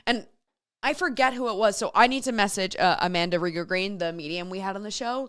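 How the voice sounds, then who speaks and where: A woman's voice: fairly low pitch, fairly bright tone, clear, resonant tone, dry recording. Chatty woman radio host, dry sound. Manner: chatty storytelling, reads listener messages aloud. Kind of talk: casual solo radio chat.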